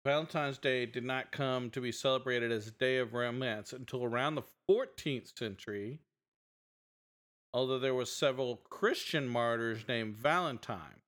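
A man on a podcast who keeps the chat going with quick, agreeable replies. He turns lively and animated when he tells his own stories. His voice sits at an ordinary pitch for a man. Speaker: podcast co-host. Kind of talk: casual chat.

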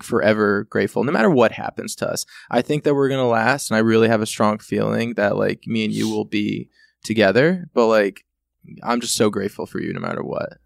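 A man's voice: lowish voice, vocal fry, dry recording, clean studio sound. A man talking in casual podcast chat as a guest, heartfelt and rambling with many fillers.

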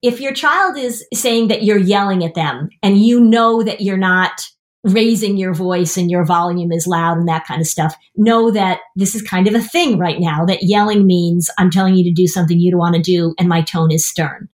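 A woman's voice: fairly low pitch, normal speed. Brief: woman in her fifties, therapist host, plain explanatory podcast talk. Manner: explanatory, acts out parents and kids in lively voices. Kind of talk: casual podcast chat.

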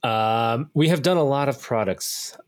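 A man co-hosting a casual podcast, tasting and describing a drink in a deadpan, playful way. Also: medium pitch, a little slow. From United States. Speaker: podcast co-host. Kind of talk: casual chat, product tasting.

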